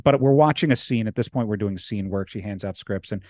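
A young man and podcast co-host, telling a story in casual chat, animated and laughing as he acts out the people in it. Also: on the low side, fairly quick, dry recording, studio quality.

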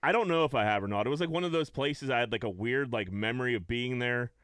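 A man's voice: mid-range voice, fast, fairly bright tone, clear, resonant tone, no echo, studio quality. A man in his thirties from the Pittsburgh area, co-hosting a podcast and telling rambling stories with crude jokes. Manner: rambling, laid-back storytelling with crude jokes. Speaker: podcast co-host. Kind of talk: casual chat.

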